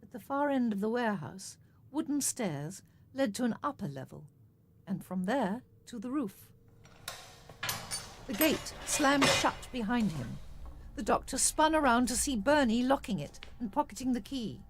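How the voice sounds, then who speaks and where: Woman narrating with lively expression. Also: a little high, a little hiss or hum. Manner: measured, expressive storytelling. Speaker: audiobook narrator. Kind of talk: scripted narration.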